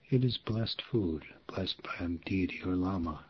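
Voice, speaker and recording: A deep-voiced man reads through a language lesson, his voice breathy and hushed, sometimes dropping to a whisper. He takes his time and repeats each example phrase patiently. The recording sounds a little dull and lo-fi. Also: moderate pace. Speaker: language teacher reading from a textbook. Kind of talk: soft-spoken language lesson reading.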